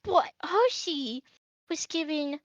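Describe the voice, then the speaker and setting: A woman voicing a small male wizard figure, fussy and halting. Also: high voice, expressive, no room sound, voice pushed up, rough recording. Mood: worried.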